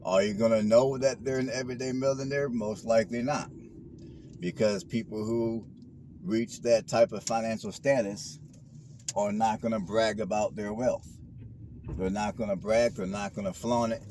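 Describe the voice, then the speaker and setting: A man vlogs from his car, handing out preachy advice in casual slang and circling back to the same points. His voice sits on the low side, dark and steady, at a moderate pace. Car noise runs behind this casual talk while driving.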